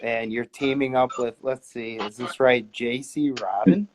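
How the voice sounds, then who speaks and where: A man's voice: medium pitch, steady tone, measured pace, a crowd in the background. A man hosting a casual interview on a video call, laid-back and swearing now and then. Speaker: interviewer, host.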